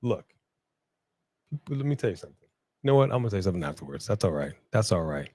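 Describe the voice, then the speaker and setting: A man's voice: low voice, sing-song, fast, dark tone. A man co-hosting a casual live stream, reading viewer comments and laughing often. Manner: laid-back, laughs often, repeats phrases. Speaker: co-host of a wrestling watch-along stream.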